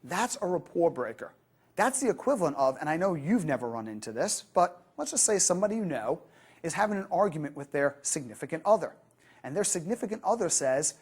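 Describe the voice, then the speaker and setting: Woman trainer teaching customer service, low-ish voice that swoops around a lot, kinda husky. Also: brisk. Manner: lively, acts out quoted customers. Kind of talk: training lecture.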